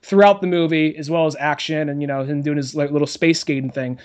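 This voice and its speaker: A man co-hosting a podcast in relaxed casual chat, heavy on fillers and casually profane. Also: on the high side, fast talker, clear, resonant tone. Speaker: podcast co-host.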